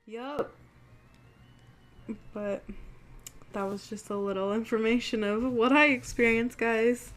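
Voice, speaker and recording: A woman's voice: on the high side, fairly even intonation, slow pace, long pauses, fairly bright tone. A young woman hosting her channel, chatting casually and telling spooky stories, swearing freely and acting out what people said. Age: young adult. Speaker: channel host.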